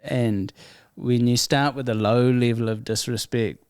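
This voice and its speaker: A man with a New Zealand accent tells stories as a guest in a relaxed interview, his mid-pitched voice animated and breaking into laughs. The sound is dry and close, with no room around it. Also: measured pace, smooth, dry recording. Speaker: guest comedian. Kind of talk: casual interview storytelling.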